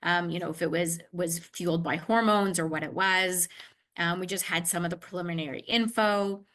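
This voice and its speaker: Woman, interviewee, casual storytelling, animated, fillers like "like", slightly low pitch, crisp bright tone. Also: moderate pace. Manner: animated, acts out dialogue, frequent "like". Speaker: interviewee sharing a personal story.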